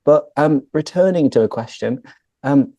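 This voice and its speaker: A British man hosting a casual chat and explaining phrases for English learners in a relaxed way. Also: a little high, a little slow, dry recording. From Britain. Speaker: host and English teacher. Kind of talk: casual conversation, explaining words.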